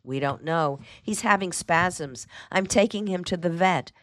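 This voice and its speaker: A woman's voice: fairly low pitch, unhurried, no room sound, studio quality, lightly acted. A woman voicing an anxious young woman. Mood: worried. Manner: worried, soothing.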